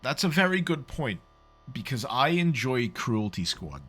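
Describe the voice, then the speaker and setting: A young man with a faded Liverpool Scouse lilt narrates his gameplay in a slow, unhurried drawl. His tone is bright and crisp, and he repeats words as he goes and swears with dry humour. Faint game music plays behind him. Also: mid-range voice, very animated. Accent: Liverpool (Scouse), softened. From Liverpool, England. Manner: rambling, stammering repeats, frequent swearing, wry. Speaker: livestreamer. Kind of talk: casual gameplay commentary.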